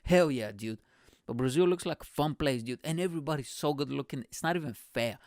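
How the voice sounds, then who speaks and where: A man's voice: medium pitch, brisk, darkish tone, no room sound, studio quality. A man from Bulgaria hosting a podcast, delivering a rambling, profane comedic monologue with lots of energy. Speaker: podcast host.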